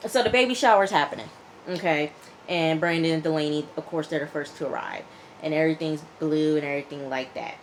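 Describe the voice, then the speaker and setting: A woman casually recapping a TV episode in a chatty, animated way, often checking in with "okay?" and acting out the people she quotes. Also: low voice, a little fast, slight background noise, rough recording. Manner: chatty, animated retelling with frequent "okay?" and fillers. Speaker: TV episode reviewer.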